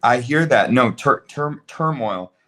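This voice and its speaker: A young man co-hosting a casual chat show with his mother, easygoing and quick to laugh. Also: medium pitch, expressive, a bit bright. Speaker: co-host.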